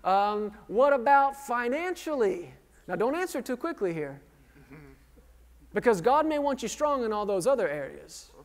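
His pitch extremely high and his delivery very animated yet unhurried, a pastor in his thirties preaches in a church sanctuary with plenty of reverb. He quizzes the listeners and cracks self-deprecating jokes.

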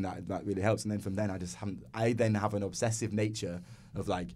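Guy rattling on fast and earnest, lowish voice, bit of hiss behind. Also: fairly even intonation, a little mellow. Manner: earnest, reflective, talks in a rush. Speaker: guest dancer. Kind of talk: casual podcast conversation.

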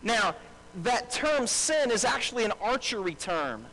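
A man's voice: very high voice, very animated, measured pace, bright, forceful tone, rough recording. A male pastor preaching a live sermon to a congregation, repeating key phrases for emphasis and calling on the crowd to answer back. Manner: calls out to the congregation and asks for responses. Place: church service before a congregation.

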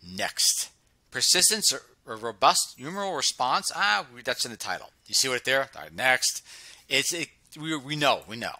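A man hosting a video, reading a research paper aloud and commenting on it, stumbling and repeating words, sometimes slowing down to stress a phrase. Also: mid-range voice, very animated, sharp tone, no room sound. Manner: reads passages aloud with frequent stumbles and asides; slows down to stress key phrases. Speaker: channel host reviewing research.

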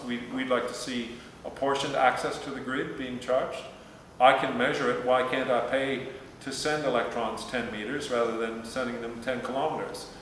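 A man's voice: medium pitch, a bit bright, distant mic. Hesitant man in an echoey hall. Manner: hesitant, many restarts and fillers. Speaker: presenter answering audience questions. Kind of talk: talk Q&A at a meetup. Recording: echoey hall with faint noise.

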